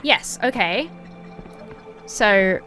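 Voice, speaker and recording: Woman, mid-pitched, rambling let's play talk, faint game music underneath. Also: animated, drawn-out words, pushed and bright. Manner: rambling, chatty self-talk while playing. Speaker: gaming video creator.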